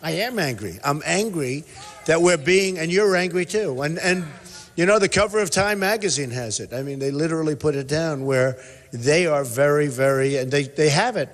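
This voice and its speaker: A man's voice: on the high side, moderate pace. An older man giving an emphatic, rambling, repetitive campaign rally speech in a hotel convention hall. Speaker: political candidate speaking at a rally. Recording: echoey convention hall with long reverb.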